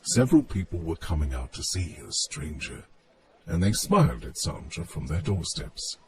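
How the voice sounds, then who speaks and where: Brief: male storybook narrator, very deep, unhurried, animated pitch, soft music underneath. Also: a crowd in the background. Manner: measured, expressive storytelling. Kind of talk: storybook reading.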